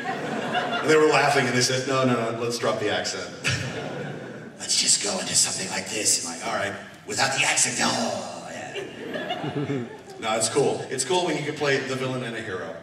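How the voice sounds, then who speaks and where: A man speaking as a guest on a convention panel, animated and laughing often as he answers fan questions. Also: mid-range voice. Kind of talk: live Q&A panel. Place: large convention hall. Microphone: far recording from the audience. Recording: echoey hall recorded from far off, crowd.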